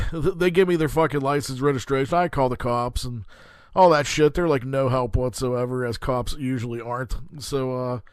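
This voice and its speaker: A man's voice: mid-range voice, smooth, dry recording. Profane rambling man telling a heated story. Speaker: podcast host.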